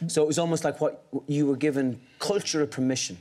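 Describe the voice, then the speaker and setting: A man's voice: on the high side, steady tone, fast, a little mellow. Probing Irish male talk show host. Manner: probing, short prompts and backchannels.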